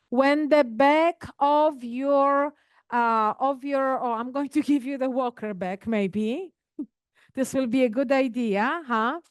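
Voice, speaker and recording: Slow, high-voiced woman teaching an exercise class. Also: clear, resonant tone, no echo, studio quality. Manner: slow, demonstrative, addresses class directly with questions. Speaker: physical therapist leading an exercise class. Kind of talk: live group health talk with demonstrations.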